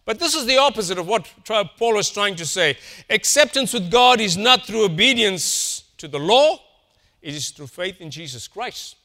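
A man delivering a sermon in a high, bright voice. He leans on key words by slowing down and going quiet, then climbs back up to a loud, insistent push. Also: lively intonation. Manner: swings from quiet, slow emphasis to loud, rising insistence. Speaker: pastor.

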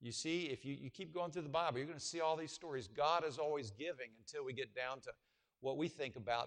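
A man preaching a sermon, swinging between hushed, low passages and loud, emphatic call-and-response questions to the congregation. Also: a little fast. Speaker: pastor.

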